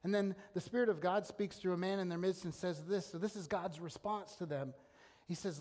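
A man's voice: high voice, fairly even intonation, fairly quick, a little mellow. A man preaching a sermon as a pastor, earnest and emphatic, often restarting his phrases. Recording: long hall reverb.

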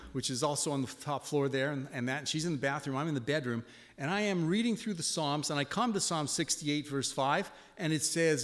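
A man in his sixties giving a sermon, telling a personal story and swinging from hushed reflection to loud exclamations. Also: a little high. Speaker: pastor. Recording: long reverb of a hall.

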